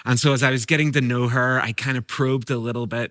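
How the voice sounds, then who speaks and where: A man from Europe, a guest preacher telling stories in a sermon, moving between brisk asides and slow, emphatic lines. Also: mid-range voice, fairly even intonation, a bit bright, dry recording, clean studio sound.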